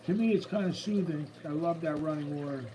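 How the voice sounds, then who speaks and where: A man's voice: on the high side, fairly quick, noisy background. A man hosting a casual live stream, chatty and upbeat as he greets viewers by name. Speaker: livestream host. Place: room at home with a running water tank. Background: faint running water from a tank.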